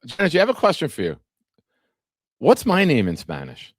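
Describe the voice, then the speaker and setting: A man's voice: fairly high pitch, wildly swooping pitch, normal speed, dry recording. A man hosting a casual live-streamed sports talk show, chatting with viewers by name and reading from an article. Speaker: podcast host.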